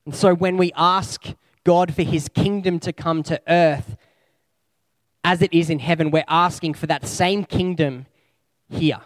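A man preaching a sermon in a relaxed, conversational way, building slow spoken lists. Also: a little high, no room sound.

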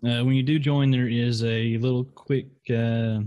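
A man's voice: mid-range voice, level tone, a little slow, mellow, dry recording, muffled recording. A man co-hosting a podcast in casual chat, rambling and hesitant. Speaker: podcast co-host.

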